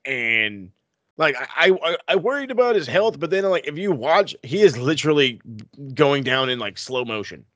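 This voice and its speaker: A man co-hosting a casual wrestling podcast, talking in an animated, profane way that swings into excited outbursts. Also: a little high, normal speed, no echo, dull audio. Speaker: podcast co-host.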